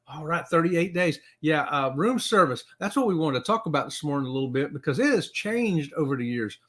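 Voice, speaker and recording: A man's voice: on the high side, animated, brisk, fairly bright tone. A middle-aged man hosting a casual live-stream chat, rambling with fillers and greeting viewers by name. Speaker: live-stream show host.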